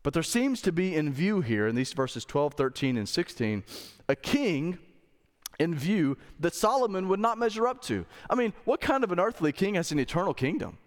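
Speaking at a normal pace with big swings in pitch, a fairly high-voiced man delivers a sermon as pastor, posing rhetorical questions to his congregation in a conversational way. The recording carries the long reverb of the church sanctuary's hall.

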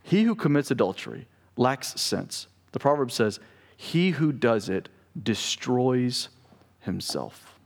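A man delivering a sermon in a conversational style, turning often to his listeners with quick asides. His voice sits at an ordinary middle pitch. It carries with a long reverb, as in a church sanctuary. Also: sing-song, vocal fry. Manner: conversational preaching with asides to the congregation. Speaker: pastor.

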